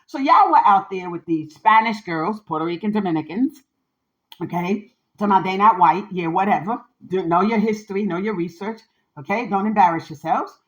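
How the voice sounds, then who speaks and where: A woman's voice: medium pitch, moderate pace. Woman podcast host ranting casually, slangy and sassy, keeps saying okay, muffled lo-fi sound. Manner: emphatic, keeps tagging lines with "okay?" and "trust that". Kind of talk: candid casual monologue.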